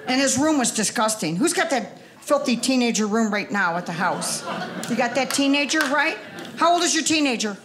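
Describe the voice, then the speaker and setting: Older woman doing stand-up, lively pitch. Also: normal speed, a crowd in the background. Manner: chatty, teasing the audience. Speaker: stand-up comedian. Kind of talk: stand-up comedy set. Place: comedy club stage before a live audience.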